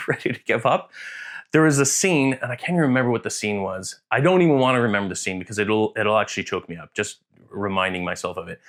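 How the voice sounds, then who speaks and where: A man talking casually in a vlog, earnest and emotional, rambling with restarts and acting out quoted voices. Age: adult, served in the military. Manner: acts out quoted voices with big pitch jumps. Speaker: vlogger.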